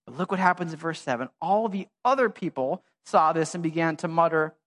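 A pastor preaching a sermon in a conversational, animated way, full of slang and asides. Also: male voice, a little high, a little fast, hardly any pauses. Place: church.

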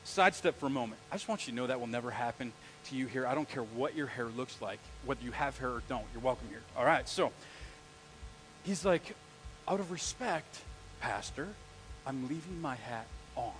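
A man, a pastor, preaching a live sermon, telling stories in an animated way and asking the congregation questions. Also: mid-range voice, fairly quick, a little hiss or hum, low-quality recording.

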